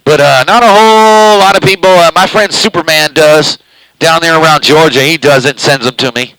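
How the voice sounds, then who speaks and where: This man's fairly high voice is bright and forceful, moving at a normal speed. He runs a CB radio station live from his home, rambling in a drawl and saying he eats the microphone, so he's very close to it. The recording is low quality.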